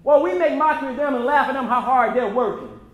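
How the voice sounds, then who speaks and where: An American man with a very high voice gives a fast, impassioned motivational talk to a crowd at a screening, preaching it like a sermon with emphatic repetition. His fairly bright tone rings through a roomy, echoing hall at the event venue.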